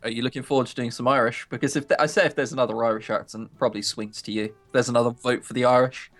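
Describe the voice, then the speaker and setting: A man's voice: medium pitch, fairly even intonation, rapid-fire, faint music behind. Teasing, laughing male streamer. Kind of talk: casual live-stream chat.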